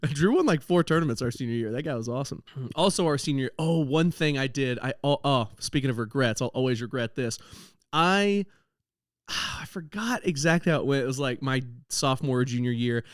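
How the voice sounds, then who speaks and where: A man's voice: mid-range voice, lively intonation, fairly quick, dry recording, clean studio sound. Laughing, rambling comedian man. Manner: rambling, laughs often mid-sentence. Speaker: podcast host and comedian. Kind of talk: comedic storytelling monologue.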